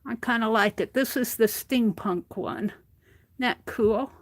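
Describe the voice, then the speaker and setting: A woman's voice: on the high side, unhurried. A woman livestreaming as she crafts at her desk, chatting casually and thinking aloud to herself as she works. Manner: talks to herself while working, thinking aloud. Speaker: crafting streamer.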